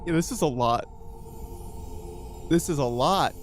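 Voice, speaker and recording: A streamer co-hosting a live game reaction, playful and excitable, reading out viewer messages. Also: medium pitch, unhurried, faint music behind.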